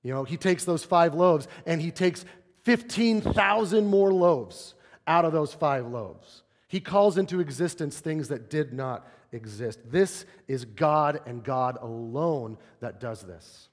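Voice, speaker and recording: A man's voice: on the high side, takes it slowly. A man preaching a sermon, telling stories and acting out the quotes he cites. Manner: animated storytelling, acts out quotes. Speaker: pastor. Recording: long reverb of a large hall.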